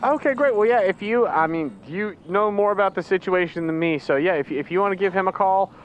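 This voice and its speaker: A player voicing an eager young male trainer who talks in halting bursts with many restarts during a tabletop role-play. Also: medium pitch, slight background noise, pitched above the performer's own voice, close to an everyday voice. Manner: halting, full of restarts and fillers. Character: young man traveling trainer, eager and rambling. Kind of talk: tabletop role-play over a phone call. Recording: dull lo-fi sound.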